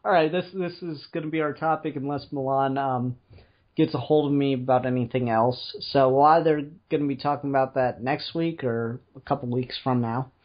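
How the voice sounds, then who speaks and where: A man's voice: medium pitch, steady tone, normal speed. A man co-hosting a podcast in casual chat, joking around and laughing often. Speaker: podcast co-host. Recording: dull lo-fi audio.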